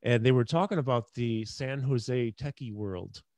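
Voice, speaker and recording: A middle-aged man hosting a casual interview. He talks in a chatty, digressive way at a middle pitch. The recording is dry, with no room sound. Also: a little slow, a little mellow, no echo. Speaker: podcast host.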